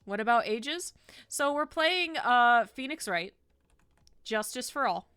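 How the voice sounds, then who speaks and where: Slow-talking woman streamer, smooth voice. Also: on the high side, no echo. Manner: animated, says 'ew' and 'icky' with disgust, ranting. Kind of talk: casual gameplay stream chat.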